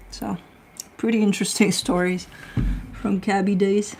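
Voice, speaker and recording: Gravelly-voiced woman chatting with viewers. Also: fairly low pitch, fairly even intonation, unhurried, long pauses, a little hiss or hum, low-quality recording. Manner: chatty and blunt, swears freely, laughs often. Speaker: tarot reader and livestream host. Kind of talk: casual livestream chat, answering viewer comments.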